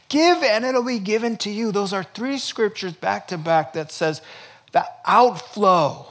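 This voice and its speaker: Pastor guy preaching, kinda high voice, jokey and animated. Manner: animated, joking preacher, rapid lively delivery. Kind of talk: sermon.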